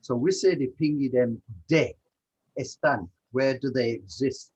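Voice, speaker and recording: Husky man teaching on a video call. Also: mid-range voice, a little slow, darkish tone, low-quality recording. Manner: patient, explains with examples. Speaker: language teacher. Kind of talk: online language lesson.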